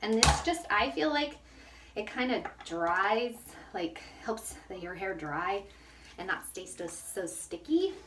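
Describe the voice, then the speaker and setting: A woman's voice: mid-range voice, animated, takes it slowly, a bit bright, slight background noise. A young woman chatting casually through a hair tutorial in a hot bathroom, out of breath from the heat, self-mocking and laughing often. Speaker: hair care vlogger. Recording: echoey bathroom, mic at a distance.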